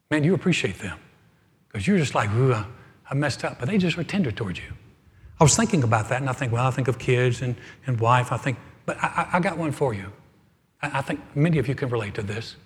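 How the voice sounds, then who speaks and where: A middle-aged man preaching as pastor, telling a humorous story with animated swings from loud to soft. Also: mid-range voice, quick pace. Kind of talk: humorous sermon. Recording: hall reverb.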